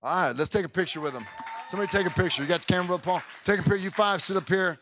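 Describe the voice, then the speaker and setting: A man's voice: sits high, rapid-fire, fairly bright tone, slight background noise. A male pastor making casual, folksy church announcements in the sanctuary, chatty and often breaking off mid-sentence. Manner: folksy, chatty, self-interrupting.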